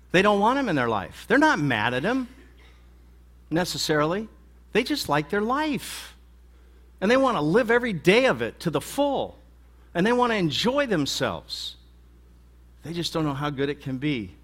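A man's voice: on the high side, fairly bright tone. Folksy, emphatic male preacher. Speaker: pastor. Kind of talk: sermon.

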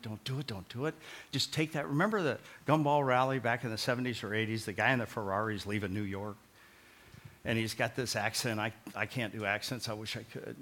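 Male pastor, sermon delivery, bright voice, conversational, punchy repeats, big dynamic swings from loud to soft. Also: mid-range voice. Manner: emphatic, swings from loud proclaiming to quiet earnest pleading; conversational, repeats short phrases for emphasis.

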